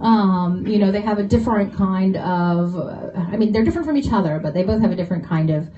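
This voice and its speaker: A woman's voice: medium pitch, brisk. A woman author answering audience questions at a bookshop event, chatty and laughing, with many fillers. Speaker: author on a panel. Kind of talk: casual panel Q&A talk. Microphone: phone recording from the audience. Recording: dull lo-fi phone recording.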